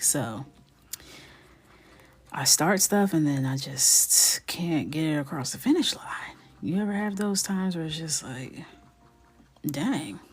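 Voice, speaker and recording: Gravelly-voiced woman chatting on a live stream. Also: low voice. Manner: chatty, greets viewers by name, drifts into soft whispers. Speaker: illustrator live-streaming while coloring. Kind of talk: casual live-stream chat.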